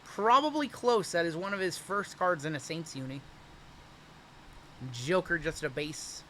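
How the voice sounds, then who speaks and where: With a slightly high, bright and forceful voice, a man runs a live card break, talking loosely and reacting with upbeat energy to each pull. Faint background noise runs beneath him.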